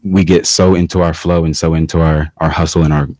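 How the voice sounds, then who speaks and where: A man with a low, deep voice speaks as a musician guest in a studio session. He talks reflectively, halting now and then with fillers. The sound is dry and close. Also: little pitch movement, a little mellow, dry recording. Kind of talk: casual chat.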